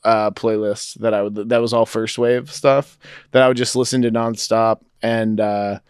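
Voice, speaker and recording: A man's voice: fairly low pitch, flat delivery, moderate pace, clear, resonant tone, no room sound, studio quality. A young adult man hosting a casual podcast chat, starting sentences over with stammered restarts and laughing easily. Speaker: podcast host. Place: podcast studio.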